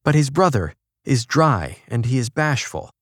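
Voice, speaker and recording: A man narrating a magazine feature in a measured, even reading, shifting his tone a little for quoted lines. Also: medium pitch, dry recording, studio quality. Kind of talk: scripted narration.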